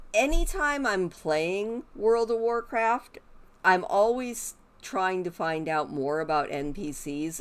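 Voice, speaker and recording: Woman streamer, low-pitched, unhurried, rambling chat at a desk mic. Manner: chatty, rambling, talks to her pet raccoons in a cooing voice. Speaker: gaming streamer. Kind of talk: casual chat while streaming.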